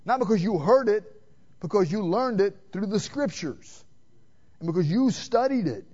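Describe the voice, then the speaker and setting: A man preaching a sermon, asking the congregation questions and swinging between loud emphatic calls and hushed, quiet passages. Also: high voice, expressive, normal speed, slightly rough. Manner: direct, addresses listeners with "man" and rhetorical questions. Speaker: pastor. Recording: dull lo-fi sermon recording.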